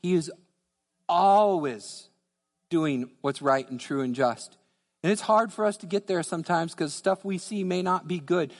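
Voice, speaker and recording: A man with a fairly high voice preaching a sermon from the pulpit. He repeats key phrases for emphasis and drops low on the words he wants to land. His voice rings through a church hall with a long reverb tail. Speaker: pastor. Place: church sanctuary.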